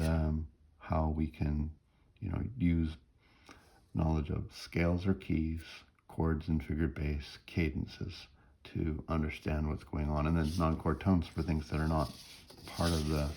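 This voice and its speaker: A man's voice: rumbling low, dark tone. A man teaching music theory in a recorded lecture, explaining step by step, humming bits of melody and often checking in with "right?".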